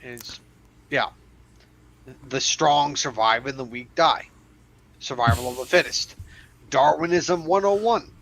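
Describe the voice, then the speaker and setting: A man's voice: medium pitch, measured pace, vocal fry, pauses often, fairly bright tone. A man on a podcast panel in casual chat, explaining his point through plain analogies.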